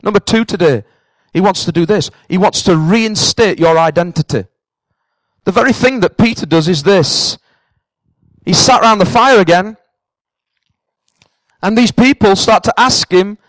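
Preaching earnestly and directly to his Cambridge congregation, this Northern English pastor repeats himself often for emphasis. His high, slightly bright voice moves a little slowly with frequent pauses. The audio is poor, with no room sound.

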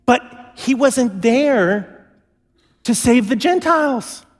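Guy pastor preaching, higher voice, acts out the quotes, long echo like a church hall. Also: animated, takes it slowly. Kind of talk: sermon.

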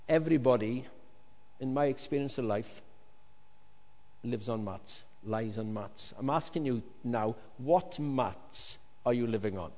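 A male pastor preaching a lively sermon to a congregation, with jokey asides, swinging from loud to hushed. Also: medium pitch, unhurried. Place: large hall with congregation. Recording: long reverb of a large hall.

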